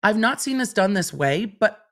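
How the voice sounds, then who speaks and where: A woman's voice: mid-range voice, expressive, moderate pace. Wry, chatty woman commentating on court filings. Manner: chatty, wry asides while reading legal documents aloud. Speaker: legal commentator host.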